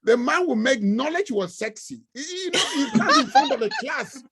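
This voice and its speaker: A man, excitable and laughing, telling a story with bursts of loud emphasis. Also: extremely high pitch, moderate pace, slight background noise. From Cameroon. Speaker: panel guest. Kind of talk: casual storytelling.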